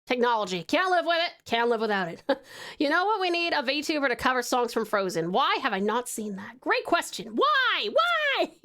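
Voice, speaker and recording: Lively high-voiced Australian woman streamer. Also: brisk. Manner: chatty, giggly, swears freely, answers chat. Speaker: VTuber streamer. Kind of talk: casual live-stream chat while drawing.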